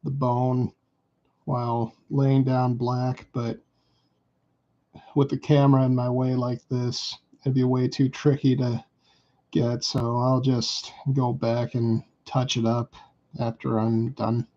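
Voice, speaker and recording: A man's voice: mid-range voice, flat delivery, slow, dark tone. A man chatting casually with viewers on a live stream as he paints a miniature, thinking aloud as he works. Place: indoors at a hobby table. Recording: dull lo-fi stream audio.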